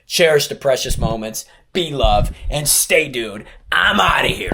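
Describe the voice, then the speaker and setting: A man's voice: fairly high pitch, expressive, unhurried, creaky, few pauses, pushed and bright. Rambling young man vlogging over traffic noise. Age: late 20s. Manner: rambling, joking and offhand, with swearing. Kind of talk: casual vlog chat. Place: in a car, then at an outdoor skate park. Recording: outdoor wind and traffic noise.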